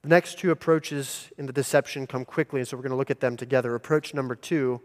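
A male pastor preaching a sermon in a deliberate, emphatic teaching manner. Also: mid-range voice, fairly even intonation. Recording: long hall reverb.

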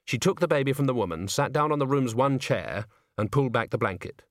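A man's voice: medium pitch, animated, fairly quick, dry recording, clean studio sound. Man narrating a wry comic story. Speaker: audiobook narrator. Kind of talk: scripted narration.

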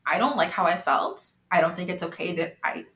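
A young woman hosting a podcast, speaking openly and confessionally, quick to laugh and get emotional. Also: lowish voice, a bit bright, reverberant. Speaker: podcast host. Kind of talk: candid conversation.

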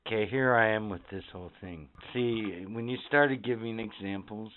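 A man's voice: on the low side, moderate pace, slight background noise. A man co-hosting a podcast in crude casual chat, dry and sardonic, swearing freely. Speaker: podcast co-host. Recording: dry tinny phone-like audio.

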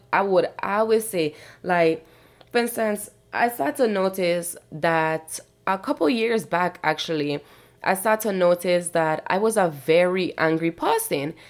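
A woman with a somewhat low voice hosts her own podcast alone. She speaks casually and candidly, reflecting out loud on her own past. She keeps checking in with "you know what I'm saying". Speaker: podcast host. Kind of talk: reflective personal monologue.

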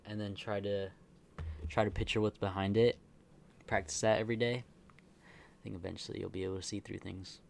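Low-voiced man musing playfully. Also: level tone, brisk, gravelly, long pauses, a little hiss or hum. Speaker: podcast co-host. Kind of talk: casual chat.

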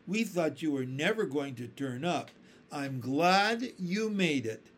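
Casting: old fatherly grasshopper, voiced by a man, slow and kindly, high-ish. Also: sing-song, full character voice. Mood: concerned.

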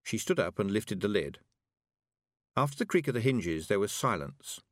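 A man reading a storybook aloud with expressive narration. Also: fairly low pitch, normal speed, dry recording, studio quality. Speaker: audiobook narrator. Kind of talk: scripted narration.

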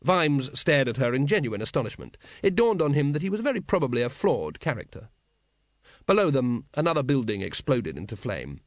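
A man narrating a comic fantasy audiobook in a wry, expressive storytelling manner. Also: mid-range voice, brisk, no echo, studio quality. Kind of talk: scripted narration.

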